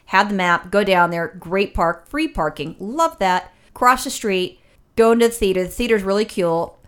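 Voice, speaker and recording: A woman's voice: mid-range voice, animated, moderate pace, clean tone. A woman co-hosting a casual chat, telling a story with lots of swearing and acted-out quotes.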